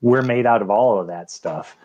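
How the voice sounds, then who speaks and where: Low-voiced man explaining, full of fillers. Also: moderate pace, dull audio, a crowd in the background. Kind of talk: casual debate on a call.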